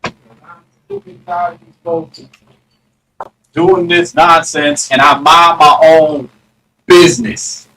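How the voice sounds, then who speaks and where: Brief: man, slightly high voice, loose rambling livestream chatter, phone mic. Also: very animated, creaky, pushed and bright, a little hiss or hum, rough recording. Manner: rambling, greets chat viewers by name; mock-challenging, drawn-out taunts. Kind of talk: casual live stream chat.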